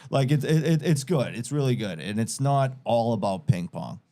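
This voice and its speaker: A young adult man co-hosting a podcast, chatting casually and telling animated, profane stories with quoted asides. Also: mid-range voice, moderate pace. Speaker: podcast co-host. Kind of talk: casual chat.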